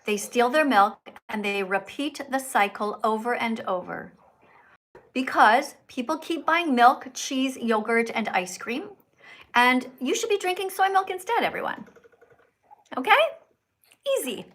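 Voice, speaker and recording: A woman hosts a livestream chat and lectures with steady insistence. Her voice sits fairly high, and she breaks in on the guest to press her point. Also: unhurried. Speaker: livestream host.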